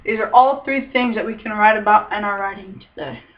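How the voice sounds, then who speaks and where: A young woman student teacher reading a picture book aloud, then giving clear teacherly instructions for writing time. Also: mid-range voice, fairly quick, dull audio.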